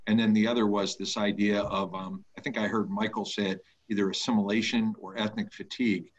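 A man with a low voice gives a thoughtful, hesitant summary on a video call. The lo-fi call audio sounds dull and muffled. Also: flat delivery, fairly quick.

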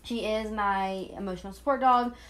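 A woman's voice: medium pitch, moderate pace, fairly bright tone. A woman talks through her game footage in a loose, rambling, conversational way. She is coming down with a cold. The voice-over is recorded on her phone. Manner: chatty and rambling. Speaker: gaming channel host. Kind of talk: casual gameplay voice-over.

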